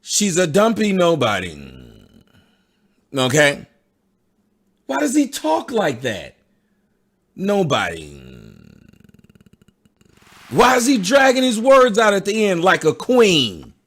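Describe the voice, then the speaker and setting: A woman's voice: mid-range voice, huge pitch swings, slow, long pauses, husky. A woman giving sarcastic, indignant reaction commentary. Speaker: commentator answering a critic.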